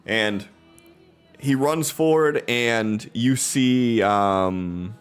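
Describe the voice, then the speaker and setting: A man's voice: medium pitch, drawn-out words, clean tone, soft background music. A man narrating a tabletop game as game master, telling the scene in a laid-back way with plenty of ums and uhs. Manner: laid-back, filler-heavy storytelling.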